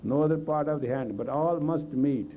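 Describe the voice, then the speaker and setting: A man with a slightly high voice leads a live group exercise class at a moderate pace, issuing blunt, coaxing commands in non-native English grammar. He is a meditation teacher, captured on a tinny lo-fi 1980s tape of a live talk with slight background noise.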